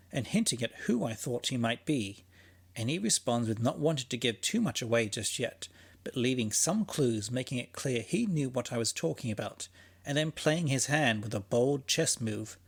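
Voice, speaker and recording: A male podcast narrator talks through his thoughts in a scripted but chatty monologue. He sounds husky rather than polished, and his pitch sits in an ordinary middle range. A wry, sarcastic dryness runs underneath his musings. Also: expressive, moderate pace.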